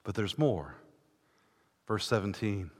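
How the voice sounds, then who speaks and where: A man preaching a sermon in a church, fervent, swelling from hushed passages to ringing declarations. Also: on the low side, lively intonation, slow, husky. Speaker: pastor. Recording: long reverb of a large church hall.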